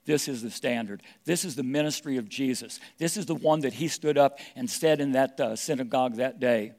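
A middle-aged man preaches a sermon in a voice of ordinary pitch. He presses hard on his points and builds them by repeating key phrases. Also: fairly quick, hardly any pauses, a little mellow. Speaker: pastor.

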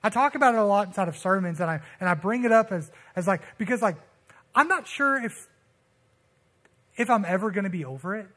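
Speaking briskly, a young preacher with a voice pitched high for a man keeps his sermon casual and chatty. His storytelling leans on slang, and he performs the voices of whoever he's quoting.

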